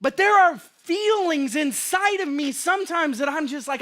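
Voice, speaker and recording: A male pastor preaching a sermon to a congregation, animated, acting out panicked inner voices and swinging between loud emphasis and soft lows. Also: moderate pace, few pauses. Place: church sanctuary.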